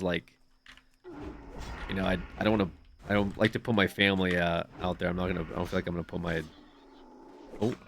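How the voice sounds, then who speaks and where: A male streamer chatting casually while gaming, animated and laughing, sometimes trailing off into quiet asides. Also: on the low side, slight background noise.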